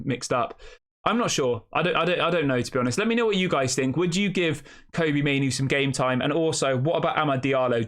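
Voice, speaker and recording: A man's voice: on the high side, a bit bright. A man hosting a fan channel, giving casual opinion commentary, thinking aloud, often correcting himself and asking rhetorical questions.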